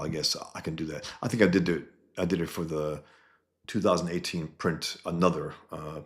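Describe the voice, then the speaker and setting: Male cartoonist walking viewers through his comic pages; deep voice, loose and rambling delivery. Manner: rambling, with many restarts and asides. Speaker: cartoonist presenting his own comic book. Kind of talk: casual talk to viewers while showing pages.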